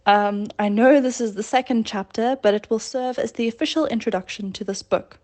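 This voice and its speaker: A woman's voice: fairly high pitch, fairly quick, darkish tone. A woman reading a classic story aloud in a plain conversational way, correcting her slips as she goes. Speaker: reader.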